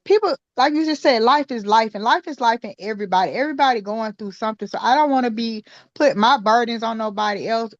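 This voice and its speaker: Brief: woman in a church study group, halting and reflective, somewhat high voice, dull lo-fi recording. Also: no room sound. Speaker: Bible study participant. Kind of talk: casual group discussion. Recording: dull lo-fi sound.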